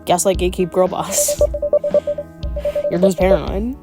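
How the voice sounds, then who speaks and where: A woman's voice: lowish voice, steady tone, unhurried. A woman reading a visual novel aloud as a gaming streamer, with wry, playful asides. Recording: game music playing behind.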